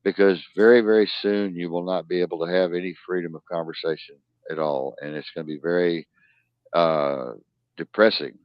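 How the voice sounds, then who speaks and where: A man hosting a live-stream news talk show, ranting in profane outbursts that swing from loud to low muttering. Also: fairly even intonation, moderate pace, no echo. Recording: dull lo-fi dry sound.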